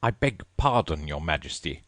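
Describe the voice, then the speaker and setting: Guy reading a flustered hatter, apologetic, deep voice, storybook. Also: big pitch swings, moderate pace, a bit bright, dry recording, heavily acted.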